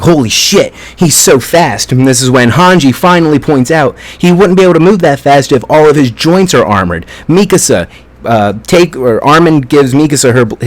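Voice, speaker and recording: Dude recapping an anime ep, hyped up, swears a lot, lots of um and like, medium voice. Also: male voice, mid-range voice. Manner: excitable and profane, retells scenes with lots of fillers. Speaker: anime episode reviewer. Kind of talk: casual spoken review and recap.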